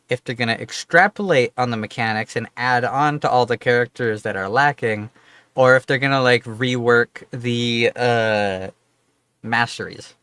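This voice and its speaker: A man's voice: medium pitch, fairly bright tone, no echo. A man streaming a game, chatting casually in a rambling, profane, offhand way. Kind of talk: casual livestream chat.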